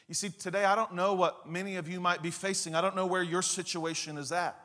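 A man preaching a sermon, telling a personal story with lively, acted-out scenes and asides to the congregation. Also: sits high, a little fast, hardly any pauses. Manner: animated storyteller, acts out scenes and quotes. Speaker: pastor.

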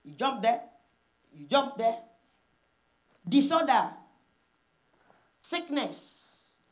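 A woman's voice: a little high, sing-song, drawn-out words. A woman preaching a sermon, repeating points emphatically and acting out quoted prayers. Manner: emphatic repetition with call-and-response; acts out prayers in quoted voices.

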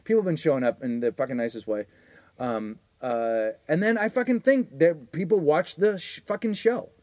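A man's voice: fairly high pitch, expressive, normal speed, darkish tone, dry recording. A man, a stand-up comedian co-hosting a podcast, chatting casually and swearing freely with frequent laughs. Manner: loose, swears constantly, laughs a lot. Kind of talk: casual profane chat.

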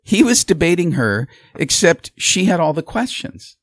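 A man hosting a podcast, an animated storyteller in casual political chat who laughs often. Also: on the high side, normal speed, dry recording, clean studio sound. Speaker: podcast host.

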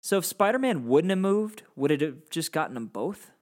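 A man's voice: fairly high pitch, big pitch swings, normal speed, a little mellow. A man co-hosting a casual movie podcast, joking playfully and tossing out mock character voices. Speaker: podcast co-host.

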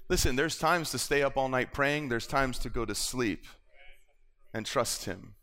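A man preaching a personal testimony sermon, moving between hushed storytelling and fervent peaks. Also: medium pitch, expressive, takes it slowly, long pauses. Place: church sanctuary. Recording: long hall reverb in a church.

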